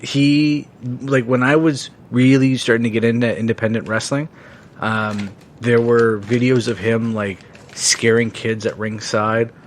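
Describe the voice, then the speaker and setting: A man co-hosting a casual podcast chat, rambling with lots of fillers and swearing freely when excited. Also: mid-range voice, unhurried, a little hiss or hum. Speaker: podcast co-host.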